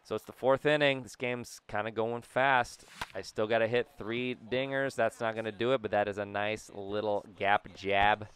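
A young man from Southern California giving casual, jokey commentary over a baseball video game, breaking into yelps and shouts. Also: on the low side, fairly even intonation, normal speed, hardly any pauses. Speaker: gaming YouTuber.

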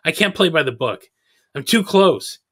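A man's voice: fairly high pitch, animated, normal speed, fairly bright tone. A man voicing a stubborn male cop who is obsessed with a case and keeps pressing his point. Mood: insistent. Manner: insistent.

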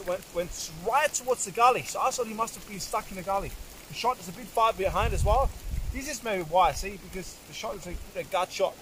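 A man's voice: sits high, a bit bright, slight background noise. A man, talking casually to camera on a hunting vlog outdoors in wet bush, swearing now and then. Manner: casual, swears, talks to viewers as guys. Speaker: hunting vlogger.

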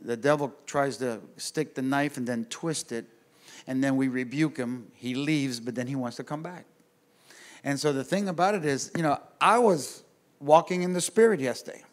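A male pastor telling a story in a casual, animated way to a men's group at church, talking straight to his listeners. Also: medium pitch, moderate pace. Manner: animated, conversational, addresses the audience directly. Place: church gathering room.

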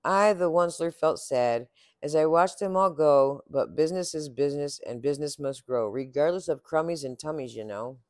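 A man reads a rhyming children's book aloud, bouncing along the verse in a sing-song rhythm. His voice sits a little higher than most men's. The sound is dry and close, with no room echo. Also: moderate pace. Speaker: storybook reader. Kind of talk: children's read-aloud narration.

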